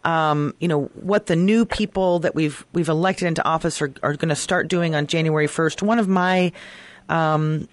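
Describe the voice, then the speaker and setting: A woman's voice: low voice, fairly even intonation, normal speed. A woman hosting a radio interview, thinking aloud as she asks her questions, with many fillers and restarts. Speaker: radio show host.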